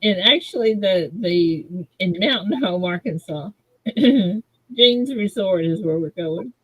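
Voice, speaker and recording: A woman's voice: medium pitch, animated, slow, slightly rough, no echo, poor audio. A woman hosting a casual live show, bantering and laughing easily. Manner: laughing, playfully defensive banter. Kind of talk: casual live-stream chat.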